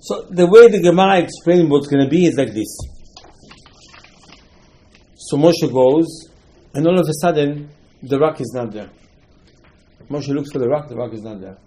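A man's voice: on the high side, moderate pace, long pauses, mellow, poor audio. A man, an English speaker, teaching a Torah lesson as a story, with rhetorical questions and voices for the figures he quotes.

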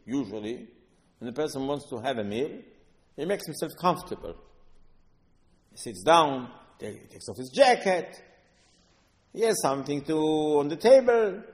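A man with as his gives a Torah lesson as a rabbi, and his voice rings with long reverb through a hall. He tells the stories with animation, slipping into the voices of the figures. His pitch sits at an ordinary middle. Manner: animated storytelling, acting out voices of sages. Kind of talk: Torah lecture.

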